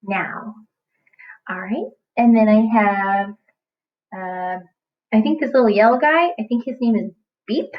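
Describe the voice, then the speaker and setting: Young woman teacher talking slow n bouncy to little kids, kinda high, muffled home video audio. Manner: sing-song, exaggerated and playful for young children. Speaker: kindergarten teacher. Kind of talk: teaching a recorded lesson to young children.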